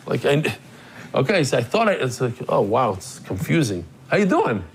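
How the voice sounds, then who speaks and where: A man hosting a daily class, telling a story in a lively, joking way and acting out the people in it, then greeting guests in the room. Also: medium pitch, moderate pace. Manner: animated, jokey, acts out the people in his stories. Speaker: daily Talmud class teacher and host. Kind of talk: casual storytelling to a live class.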